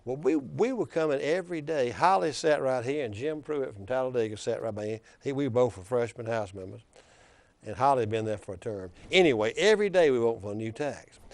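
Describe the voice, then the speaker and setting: An older man with a drawl spins long, folksy stories full of restarts and asides. His voice sits at an everyday pitch. The recording is dry and close, with no room sound. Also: lively intonation, fairly quick, darkish tone, no echo. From Alabama. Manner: folksy, rambling anecdotes with frequent restarts. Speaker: political commentator and show host. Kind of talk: casual storytelling chat.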